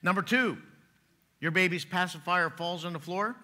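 A man's voice: high voice, normal speed, pushed and bright. A man preaching a sermon in a church, joking in a folksy way and chuckling at his own jokes. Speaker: pastor. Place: church sanctuary.

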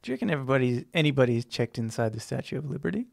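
A man co-hosting a podcast in casual comedic chat, playful and quick to laugh, reading out posts. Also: mid-range voice, very animated, vocal fry. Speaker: podcast co-host.

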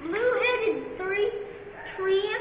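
A woman's voice: very high voice, extremely slow, a little hiss or hum. A child at the zoo eagerly pointing out animals and reading the signs aloud to her parents. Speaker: child of the vlogger. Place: zoo reptile house. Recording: muffled phone stream amid a loud crowd.

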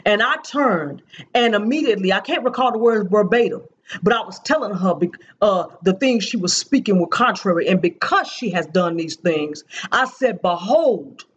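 A woman's voice: medium pitch, lively intonation, normal speed, dull audio, slight background noise. A woman preaching, earnestly recounting a prophetic dream and repeating key phrases for emphasis.

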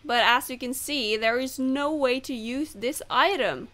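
A woman who is not a native English speaker gives casual commentary while playing a game. Her voice is high, and her talk is chatty and self-deprecating. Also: measured pace, bright, forceful tone. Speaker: gamer.

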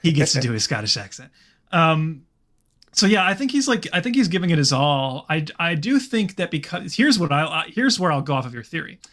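Podcast guy rambling about a movie, lotsa "like", kinda high voice. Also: very animated, fairly quick, fairly bright tone. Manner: rambling, filler-heavy, lots of "like". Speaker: podcast co-host. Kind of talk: casual film-review chat.

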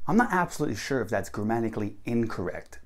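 An American man hosting a casual English lesson, explaining slang and acting out example sentences with big swings in his voice. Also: quick pace. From United States. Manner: animated, acts out example sentences with big pitch jumps. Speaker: English teacher, channel host.

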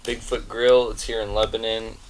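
A man's voice: lowish voice, flat delivery, moderate pace, a little hiss or hum. A young man hosting a casual date vlog, talking in a hesitant way and stumbling over repeated words. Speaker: vlogger host.

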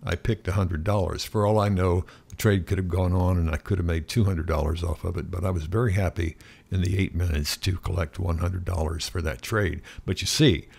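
A middle-aged man with a very low, gravelly voice talks through a live trade on screen. His tone is husky and unhurried as he calls out price levels one after another, often pausing with an "uh" to think. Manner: steady, unhurried narration of price levels with frequent "uh" fillers. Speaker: day trading instructor. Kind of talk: screen-recorded trading walkthrough.

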